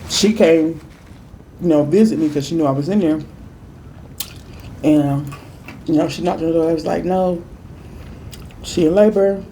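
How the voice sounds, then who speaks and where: A woman food vlogger chatting through a storytime while she eats, with emphatic repeats and lively quoted voices. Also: low-pitched, moderate pace, long pauses, slight background noise. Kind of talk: casual storytime while eating.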